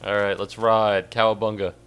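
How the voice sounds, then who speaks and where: A man giving rambling, jokey commentary while streaming a game, breaking into squeaky outbursts. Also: little pitch movement, normal speed, a bit bright, clean tone, soft background music. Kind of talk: casual gaming commentary.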